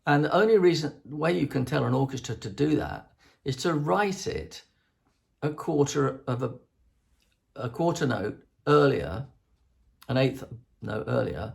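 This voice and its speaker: Gravelly older man, rambling. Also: mid-range voice. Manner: sings rhythms to illustrate, restarts often. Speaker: host. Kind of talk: rambling solo chat to camera.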